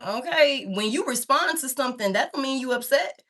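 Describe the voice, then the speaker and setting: In a casual tarot reading, a woman speaks directly to her audience, rambling frankly, swearing without restraint and calling everyone "baby" and "y'all." Her voice is high, animated and a bit bright, at a moderate pace.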